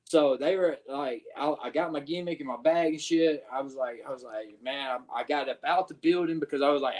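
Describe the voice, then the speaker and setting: A man's voice: fairly high pitch, steady tone, moderate pace, darkish tone. A man, a wrestler guest, telling a story in casual, profane speech with lots of fillers, over a video call.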